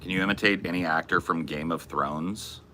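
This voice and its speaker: A man's voice: low voice, moderate pace, noisy background. A young man hosting a casual podcast, laid-back and profane, calling everyone dude and bro. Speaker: podcast host. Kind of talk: casual chat.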